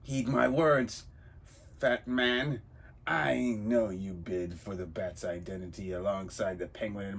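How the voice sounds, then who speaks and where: A man's voice: mid-range voice, gravelly, husky, heavily acted. A man voicing a grinning, menacing male clown villain in a comic book reading, talking in a theatrical, taunting sing-song.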